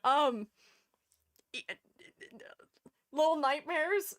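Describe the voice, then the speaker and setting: A woman's voice: high-pitched, extremely slow, fairly bright tone, dry recording, studio quality. A young woman streamer chatting casually, giggly and mock-dramatic. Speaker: streamer and art educator. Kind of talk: casual live-stream chat.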